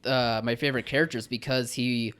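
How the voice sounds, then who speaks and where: A man's voice: medium pitch, steady tone, fairly quick, fairly bright tone, clear, resonant tone. A man co-hosting a podcast, giving a film review in casual chat, earnest and hesitant with frequent restarts.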